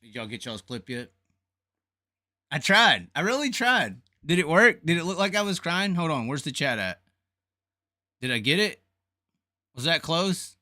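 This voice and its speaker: A man's voice: a little high, big pitch swings, measured pace, long pauses, bright, forceful tone, no echo, studio quality. A man hosting a casual livestream, rambling and joking at his own expense. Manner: rambling, joking, self-mocking. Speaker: livestream host.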